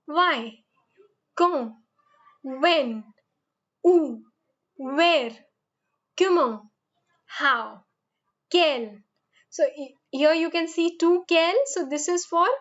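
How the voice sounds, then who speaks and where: A woman's voice: high voice, muffled recording. A woman teaching a French lesson in English, explaining patiently and encouraging her students with simple repeated examples. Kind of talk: online language lesson.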